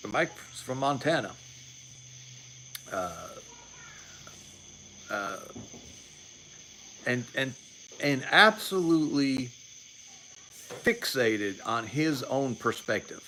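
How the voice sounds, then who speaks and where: Here a livestream host in his late forties sounds expressive and sharp, with a medium pitch, drawn-out words, and frequent pauses. His casual political commentary rambles, with restarted sentences, repeated words, and sarcastic asides, on a rough recording with a little hiss or hum.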